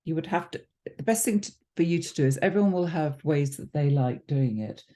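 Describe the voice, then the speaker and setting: Mellow-voiced woman teaching watercolour. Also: low-pitched, expressive, fairly quick. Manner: chatty, thinks aloud with ums and self-corrections. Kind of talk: relaxed painting demonstration.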